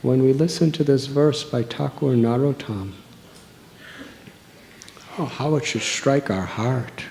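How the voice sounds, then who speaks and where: A monk in his sixties delivers a sermon, telling stories in a slow, earnest way with long pauses. His voice is gravelly and mellow, and he never hurries. A faint hiss sits behind him. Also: mid-range voice. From United States. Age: 60s. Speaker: monk giving a religious discourse.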